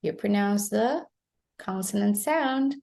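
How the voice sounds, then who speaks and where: A woman English teacher explaining pronunciation, repeating model phrases slowly and clearly. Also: medium pitch, warm tone. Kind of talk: pronunciation lesson.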